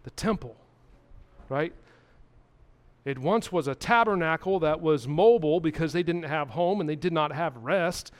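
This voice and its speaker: A man's voice: a little high, moderate pace. A man preaching a sermon, earnest, repeating key words and putting questions to the congregation. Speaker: pastor.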